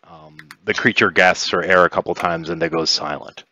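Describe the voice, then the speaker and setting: A man narrating a tabletop game as game master, in a relaxed, rambling way with fillers. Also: low voice, normal speed, lo-fi sound.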